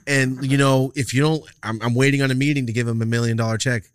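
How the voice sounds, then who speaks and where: A man's voice: medium pitch, fairly even intonation, quick pace, clear, resonant tone, no echo, studio quality. A man hosting a podcast in casual chat, teasing his guest in a brash, profane way. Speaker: podcast host.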